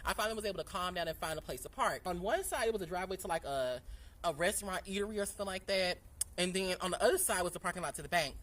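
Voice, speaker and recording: A woman vlogger telling a story in a casual, animated and profane way, sitting outdoors. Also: lowish voice, rapid-fire. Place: outdoors in sunlight.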